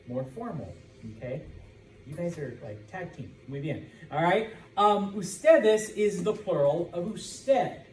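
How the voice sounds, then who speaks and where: A man with an American accent lectures a classroom at an unhurried pace, joking with his students and checking in with them all the time. His voice comes from some distance away and bounces around a roomy hall, with faint room noise underneath. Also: sits high, lively intonation, darkish tone. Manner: informal, joking, checks understanding with constant "okay?". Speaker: Spanish teacher.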